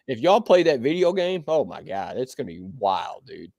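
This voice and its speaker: Lively swearing podcast co-host, a man. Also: mid-range voice, normal speed, vocal fry, no room sound. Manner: animated, laughing, swearing freely. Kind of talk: casual chat.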